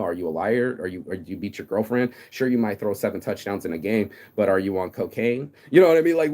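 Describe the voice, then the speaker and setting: A man in his thirties delivering a rambling, profane motivational monologue, stammering and repeating words, with sudden loud outbursts. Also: on the low side. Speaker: vlogger.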